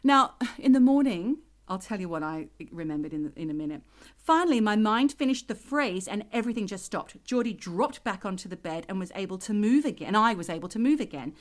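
A woman's voice: medium pitch, animated, a little fast. A woman co-hosting a podcast, telling a true ghost story and acting out the voices of the people in it. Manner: vivid storyteller who acts out voices.

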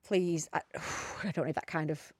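A woman's voice: low voice, steady tone, husky, no echo. A woman co-hosting a podcast, chatting casually and swearing freely as she tells stories. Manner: fast, sweary, storytelling. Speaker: podcast co-host. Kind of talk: casual chat.

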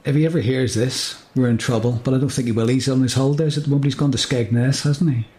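A man's voice: medium pitch, fairly even intonation, quick pace, warm tone. A man co-hosting a podcast in easygoing comedic banter. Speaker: podcast co-host. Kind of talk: comedy sketch and casual chat.

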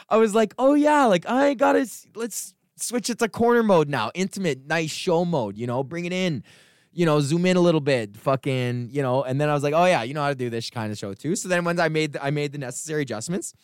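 A man hosting a comedy podcast, telling a rambling, profanity-laced story in a casual, animated way. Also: fairly high pitch, brisk, clear, resonant tone, no room sound, studio quality. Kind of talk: casual ranting monologue.

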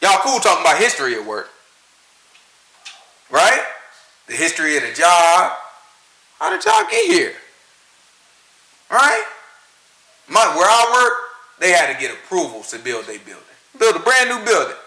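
A man's voice: a little high, huge pitch swings, normal speed, pauses often, sharp tone, echoey room, rough recording. A man with a Southern American accent, talking in a casual rant full of preachy rhetorical questions and laughing at his own points. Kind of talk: casual ranting monologue.

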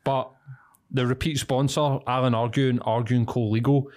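A man's voice: mid-range voice, level tone, normal speed, a little mellow. Chatty Scottish man reading an ad. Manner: chatty, laughing easily, loose ad-libbed ad read. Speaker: podcast co-host. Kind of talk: casual chat and read sponsor ad.

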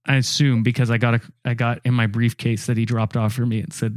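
A man co-hosting a comedy podcast, with a dry, deadpan delivery in improvised bits. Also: mid-range voice, brisk, hardly any pauses, dry recording. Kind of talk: improvised comedy sketch and chat.

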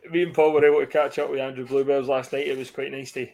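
A man hosting a casual football podcast, chatty and quick to laugh as he jokes with his guests. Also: mid-range voice, level tone, vocal fry, over a noisy crowd. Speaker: podcast host.

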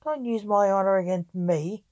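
A woman's voice: mid-range voice, moderate pace, mellow, no echo, lightly acted. A woman voicing a proud, reluctant male knight, speaking glumly.

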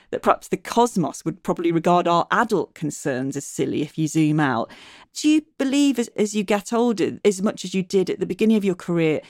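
Podcast host lady, articulate careful questions, mellow voice, pretty dry sound. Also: fairly low pitch, no echo. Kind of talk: interview questions.

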